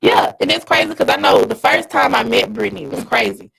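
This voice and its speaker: A woman co-hosting a podcast, telling a story in a blunt, animated, profane way. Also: on the high side, brisk, gravelly, rough recording. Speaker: podcast co-host and dog breeder. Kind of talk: casual storytelling.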